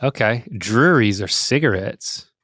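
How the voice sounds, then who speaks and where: Young man, animated voice, teasing podcast co-host, dry close sound. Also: fairly low pitch, no room sound. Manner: playful, teasing, quick to laugh. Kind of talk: casual podcast chat.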